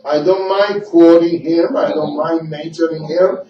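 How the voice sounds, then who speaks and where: A man's voice: on the high side, steady tone, unhurried, echoey room, a little hiss or hum. A man hosting a radio talk show in English, his second language, rambling and repeating himself as he shares his opinions. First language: not English. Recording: dull lo-fi room sound from a distant mic.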